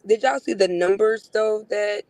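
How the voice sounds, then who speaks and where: A man's voice: sits high, unhurried, darkish tone, no echo. A man in a casual chat, playful and joking.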